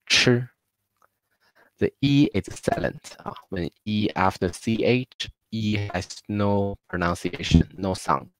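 A native Mandarin-speaking man teaches a live online language class, moving between Spanish and English. He speaks slowly with a low, smooth, clear voice, repeating each word twice. The sound is close and dry. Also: no room sound, rough recording. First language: Mandarin Chinese.

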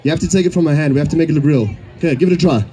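A man's voice: a little high, rapid-fire, mellow. A man performing as a beatboxer, bantering playfully and teasingly with a live crowd. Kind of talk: live stage patter with crowd.

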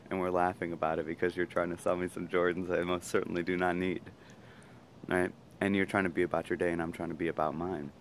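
A man talking casually to his camera, rambling fast with many fillers and asides. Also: deep voice, a little hiss or hum. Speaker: vlogger. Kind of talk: casual reflective monologue.

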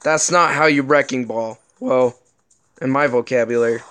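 A man doing let's play commentary, excitable and joking, swearing often. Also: medium pitch, moderate pace, clean tone. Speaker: gaming commentator.

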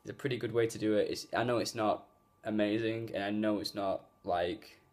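Gaming vlogger, male, lowish voice, loose filler-heavy rambling, phone-recorded. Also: steady tone, a little fast, darkish tone. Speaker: gaming YouTuber. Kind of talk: casual vlog talk. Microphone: phone mic.

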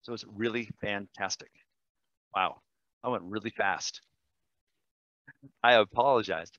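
A man, a language teacher, demonstrating software in a webinar, enthusiastic and quick, with fillers and self-corrections. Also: fairly low pitch, dry recording, muffled recording. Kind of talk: screen-share webinar demo.

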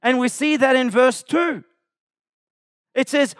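A man preaching a sermon as pastor, impassioned, rising to shouts when voicing the call to come. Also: very high voice, takes it slowly, pauses often, clear, resonant tone, no echo, clean studio sound.

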